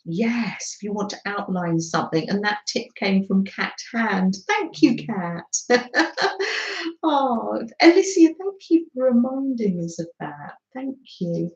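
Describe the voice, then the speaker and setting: A woman's voice: medium pitch, lively intonation, slow pace. A middle-aged woman hosting a live craft stream, chatting casually with viewers, greeting them by name and laughing often. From Britain. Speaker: craft livestream host. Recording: slightly dull, roomy livestream audio.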